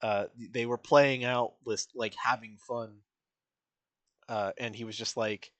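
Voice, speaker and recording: A man rambles through casual stream commentary, full of fillers, and acts out the characters' lines. His voice sits at an ordinary pitch. The mic sound is close and dry. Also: steady tone, slow pace, a bit bright, dry recording. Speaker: streamer reacting to a musical.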